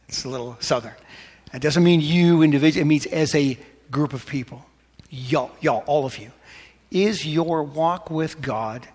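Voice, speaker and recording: A man preaching a sermon, questioning his congregation, rising to animated emphasis and dropping to soft prayerful tones. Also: mid-range voice, breathy edge, big-room sound. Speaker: pastor.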